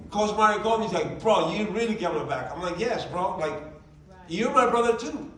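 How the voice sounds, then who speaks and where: Man, high voice, storytelling presentation, echoey room, distant mic, faint background noise. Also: a little fast, a crowd in the background. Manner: animated, acts out quoted dialogue. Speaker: motivational speaker. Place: large meeting room.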